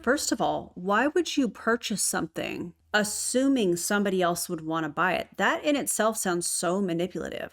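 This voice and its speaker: A woman's voice: mid-range voice, expressive, normal speed, few pauses, a bit bright. Woman reacting to a clip, incredulous and biting. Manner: incredulous, critical, sarcastic. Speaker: commentary host. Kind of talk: reaction commentary.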